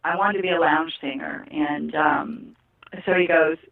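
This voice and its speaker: A middle-aged woman from California chats as an interview guest, animated and quick to laugh as she acts out old conversations. Her voice sits a little low. It comes through a thin, tinny phone line. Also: creaky. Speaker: guest, former wrestler. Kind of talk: casual interview storytelling.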